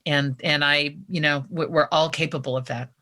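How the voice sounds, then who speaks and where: Bright-voiced earnest woman author. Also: sits low, steady tone, moderate pace. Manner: earnest, frank and reflective. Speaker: author guest. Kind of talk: casual interview chat.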